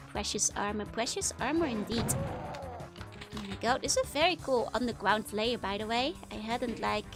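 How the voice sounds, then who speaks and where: A young woman from the Netherlands with a Dutch accent, chatting casually while streaming a game, laughing often and filling her talk with "like". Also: fairly high pitch. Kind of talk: casual gaming livestream chat. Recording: game music playing behind.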